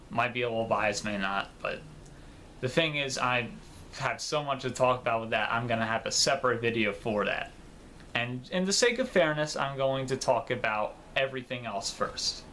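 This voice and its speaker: Man, gaming vlog commentary; bright, loose, rambling delivery with a faint noise floor. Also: medium pitch. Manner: rambling and informal, with fillers and casual swearing. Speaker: gaming video creator.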